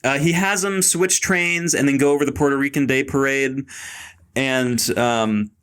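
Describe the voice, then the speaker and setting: A man's voice: medium pitch, fairly even intonation, moderate pace, a bit bright, clear, resonant tone. A man hosting a casual film podcast, animatedly retelling movie scenes and laughing often. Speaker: podcast host.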